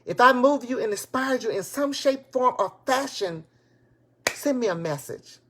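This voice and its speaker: An excited woman preaching encouragement in a live-streamed motivational talk, recorded on a tablet. Her voice sits on the higher side, and she drives her points home by repeating them in casual, folksy phrasing. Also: normal speed. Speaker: motivational speaker and business coach. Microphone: tablet device.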